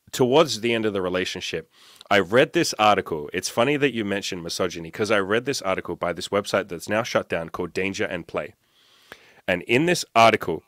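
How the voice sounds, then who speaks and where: Low-voiced man telling a candid story. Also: a bit bright, dry recording, clean studio sound. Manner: candid, profane, acts out his own past thoughts. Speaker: podcast guest. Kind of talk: casual storytelling.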